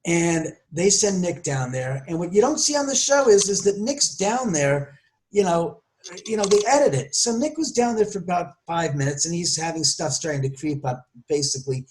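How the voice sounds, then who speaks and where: A man with a fairly high voice tells a story as a podcast guest. He is animated and acts out the voices of the people he quotes. He often restarts and corrects himself as he goes. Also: normal speed. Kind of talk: storytelling interview.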